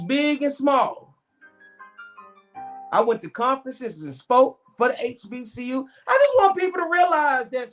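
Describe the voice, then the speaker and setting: A man, co-hosting a casual sports talk show and ranting boastfully with an animated delivery. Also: very high voice. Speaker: co-host.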